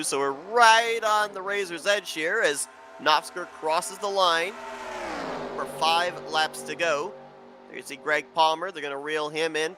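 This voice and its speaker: Bright-voiced man calling a sim race. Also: on the high side. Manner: steady, informative, builds excitement on the close racing. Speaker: race commentator. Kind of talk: sim racing play-by-play commentary.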